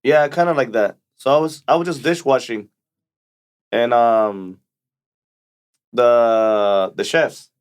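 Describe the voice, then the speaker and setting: A man's voice: medium pitch, slow pace, pauses often, smooth. A young man co-hosting a casual podcast, telling rambling work stories with frequent restarts. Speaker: podcast co-host. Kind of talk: casual chat.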